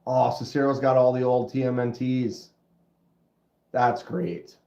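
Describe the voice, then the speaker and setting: A middle-aged man with a stuffy nose hosting a casual livestream, chatting with viewers in a laid-back, drawn-out way. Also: medium pitch, little pitch movement, mellow. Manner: laid-back, drawn-out, says dude and bro. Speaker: livestream host. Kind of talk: casual livestream chat reading comments. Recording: roomy, dull lo-fi sound.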